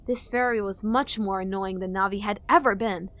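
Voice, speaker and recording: A woman reading fan-fiction narration for an audiobook in a steady storytelling manner. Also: mid-range voice, moderate pace.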